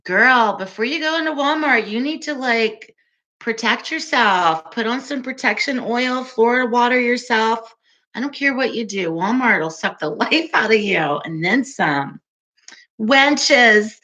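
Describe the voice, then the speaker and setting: A woman hosting a casual livestream, chatting with viewers in a soft, calming voice and an unhurried, giggly way. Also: fairly high pitch. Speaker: livestream host.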